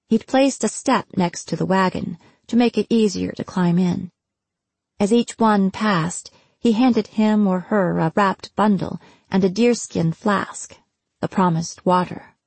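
A woman narrates an audiobook in an even, measured way. Her voice is husky with a gravelly edge. It is recorded dry and close, with no room sound. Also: medium pitch, dry recording. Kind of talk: scripted narration.

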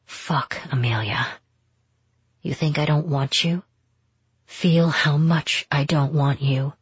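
A woman voicing a cocky, jealous young man who speaks in a low, taunting, intimate way. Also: slow, slightly rough, no room sound, full character voice. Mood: husky whisper. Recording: dull, muffled audio.

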